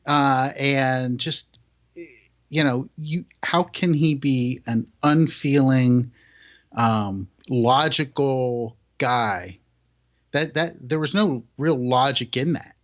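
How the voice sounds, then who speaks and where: A man co-hosting a podcast, talking in a relaxed, unhurried casual way. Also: medium pitch, lo-fi sound. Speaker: podcast co-host. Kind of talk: casual chat.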